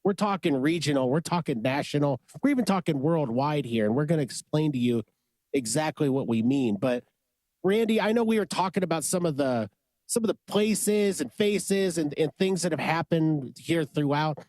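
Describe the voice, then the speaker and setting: A man's voice: on the high side, moderate pace, dry recording. Sick, upbeat man host. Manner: energetic, hypes up guests. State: sick, under the weather. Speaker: podcast host. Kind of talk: upbeat casual chat.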